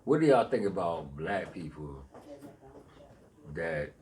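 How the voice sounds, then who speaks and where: A laid-back man talking in a slangy, relaxed way in a casual podcast chat. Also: low voice, slow pace, a little hiss or hum.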